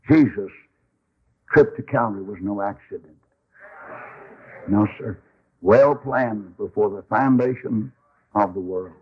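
A man's voice: fairly low pitch, slow pace, pauses often, a little mellow, slightly rough, highs cut off. A man preaching a sermon in a folksy, emphatic storytelling way. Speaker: Baptist preacher.

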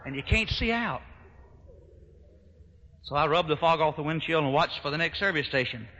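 Animated preacher telling a story. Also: male voice, a little high, normal speed, slight background noise. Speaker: pastor. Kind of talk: sermon storytelling. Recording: echoey hall, dull lo-fi sound.

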